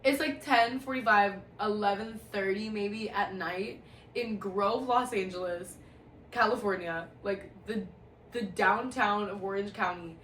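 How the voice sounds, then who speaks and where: A woman's voice: medium pitch, a little slow. Brief: young woman, storytime vlogger, swears freely and laughs a lot, roomy echo, mic a few feet off, faint hiss. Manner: profane, animated, laughing often. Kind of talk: casual storytime monologue. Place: at home, indoor room. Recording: echoey room, distant mic, faint hiss.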